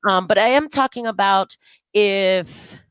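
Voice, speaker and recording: Woman, podcast guest, casual chat, animated storyteller, dry close sound. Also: mid-range voice, unhurried, clear, resonant tone, no room sound, lo-fi sound. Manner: animated storytelling, mimics coworkers' voices. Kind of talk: casual conversational interview.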